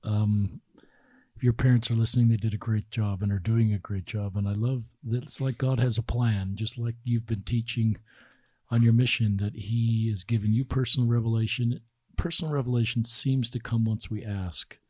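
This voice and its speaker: Calm low-voiced male podcast host. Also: normal speed, no echo. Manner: calm, affirming, with brief reactions. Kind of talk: interview, reflective comments.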